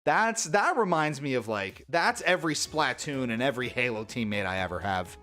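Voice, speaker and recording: Over soft background music, a man with a medium-pitched voice and moderate pace gives livestream commentary on a sports video game. His play-by-play is animated and exasperated, punctuated by frustrated outbursts at teammates' missed easy shots.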